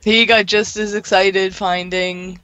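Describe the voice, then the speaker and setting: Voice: mid-range voice, flat delivery, takes it slowly, crowd noise. Curious co-host on a dull call line. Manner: curious, joking. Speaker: co-host asking questions. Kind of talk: casual live-stream talk. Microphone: video call.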